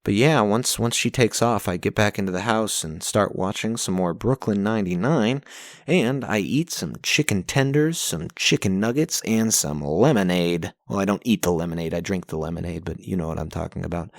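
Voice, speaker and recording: A man's voice: lowish voice, moderate pace, no echo, clean studio sound. A young man hosting a podcast from home on a pop-filtered mic, recapping his journal week in a casual, sarcastic, profane way and getting easily exasperated. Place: home recording setup.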